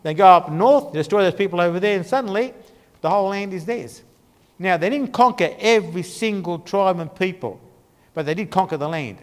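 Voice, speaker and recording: High-voiced man teaching in a reverberant church hall. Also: lively intonation, fairly quick. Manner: conversational storytelling, pointing along a map. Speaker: Bible teacher. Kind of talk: Bible class lecture.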